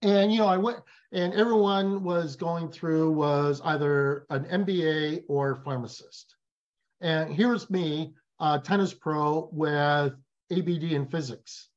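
A man speaks as a guest in a casual interview. He tells stories with animated emphasis. His audio sounds a little dull and muffled. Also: a little high, slow pace. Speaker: guest, business professor.

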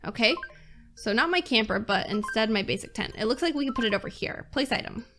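A woman's voice: fairly high pitch, animated, a little fast, over music. Chatty young woman playing a game. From United States. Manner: chatty, gushing with fillers. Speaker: gaming YouTuber. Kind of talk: casual gameplay commentary.

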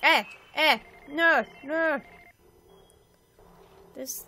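A woman chatting through a video game, self-mocking, with sudden excited cries. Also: on the high side, unhurried, long pauses, slight background noise. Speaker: let's play gamer. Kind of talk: casual gameplay commentary.

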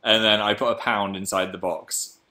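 A man's voice: fairly low pitch, moderate pace, pushed and bright. A man hosting a casual livestream, chatting playfully and reading viewer comments aloud. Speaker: livestream host.

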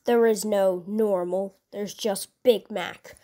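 A woman voicing a blunt, menacing male demon-slaying marine who makes curt, flat demands in a comedy sketch. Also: mid-range voice, slow, voice pushed down, natural voice. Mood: gruff demanding.

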